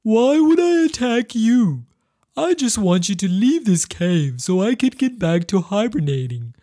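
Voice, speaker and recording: A woman's voice: medium pitch, big pitch swings, a little slow, warm tone. A woman voicing a grumpy big male bear woken from sleep, grumbling in a cranky way.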